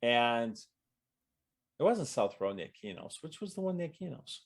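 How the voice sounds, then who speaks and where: A man guest in an audience Q&A, telling animated gaming stories in casual chat and acting out what others said. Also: medium pitch, measured pace, creaky. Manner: lively storyteller, acts out quoted voices, trails off mid-sentence.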